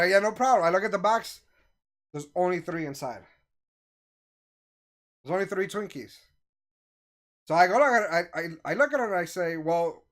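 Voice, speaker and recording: A man casually telling a story to friends, acting out the voices of the people in it with animated energy. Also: high voice. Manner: animated, acts out quoted voices.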